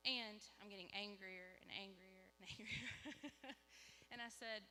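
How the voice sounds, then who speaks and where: A woman, giving an animated church testimony and acting out dialogue. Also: medium pitch, unhurried. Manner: animated storytelling, acts out dialogue. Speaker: lay speaker giving a testimony. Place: church sanctuary. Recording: live church hall with reverb, faint hum.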